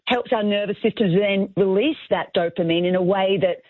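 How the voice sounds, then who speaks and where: A woman's voice: medium pitch, a little fast, no echo. A woman from Australia, an author being interviewed on the radio, talking in an earnest, encouraging way in short phrases. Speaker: author guest. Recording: phone line.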